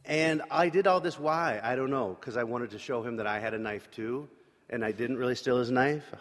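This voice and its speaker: A man's voice: medium pitch, normal speed. A man telling a candid personal story during an evening service, confessional and plain-spoken with casual fillers. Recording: long hall reverb.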